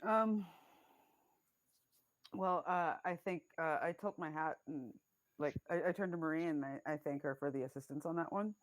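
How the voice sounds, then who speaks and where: A woman's voice: sits low, normal speed. A woman playing a character in a tabletop game, thinking aloud with hesitant ums as she describes her moves. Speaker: player.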